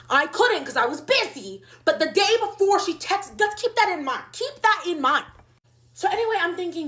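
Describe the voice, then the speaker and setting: A woman's voice: extremely high pitch, normal speed. A woman in her mid-twenties telling a casual storytime, rambling and packing her sentences with fillers as she acts out what everyone said. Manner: rambling, filler-heavy, animated retelling.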